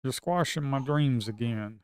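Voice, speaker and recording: Grumbling through a slow market, a day trader chats live with viewers he calls "folks," occasionally bursting out with sudden excitement. He has a clean, medium-pitched tone, and the studio recording is clean, without room sound.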